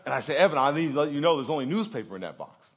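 A man preaching with a high, bright voice that swings widely up and down. He tells stories in an animated way, slipping into other people's voices as he goes. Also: very fast, slightly rough. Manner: animated storytelling, acts out voices and laughs. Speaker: pastor. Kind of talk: sermon.

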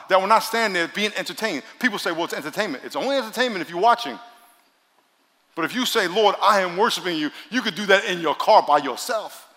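A man preaching a sermon as pastor, emphatic, repeating lines for stress and swinging between loud and quiet. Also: high-pitched. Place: large church. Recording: long hall reverb in a large church.

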